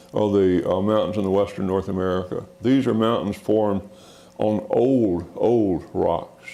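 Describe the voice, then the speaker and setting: A man lectures to a theater audience at an unhurried pace, often pausing on fillers and restarting his sentences. His voice is gravelly and dark. The room around him is echoey. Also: fairly low pitch. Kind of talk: public science lecture. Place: theater auditorium.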